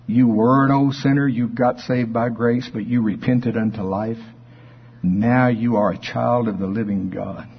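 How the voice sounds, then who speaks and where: A male preacher delivering a sermon, telling folksy stories and bursting into shouts of praise. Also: mid-range voice, slightly rough, dull audio.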